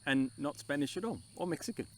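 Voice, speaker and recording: A man's voice: fairly high pitch, expressive, fast talker, a little hiss or hum. A man co-hosting a travel vlog, joking and teasing his co-host in casual banter. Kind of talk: casual chat.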